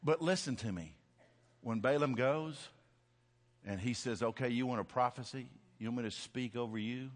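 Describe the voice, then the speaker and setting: A man preaching a sermon, storytelling with swings from hushed to loud, shouting peaks. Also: mid-range voice, normal speed, big-room sound.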